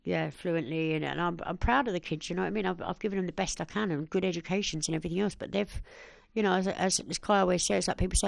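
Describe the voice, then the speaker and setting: A woman in her 40s, guesting on a podcast, talks in a low, creaky voice at high speed with barely any pauses, and there is no room sound. The candid interview chat finds her blunt and animated, acting out what other people said.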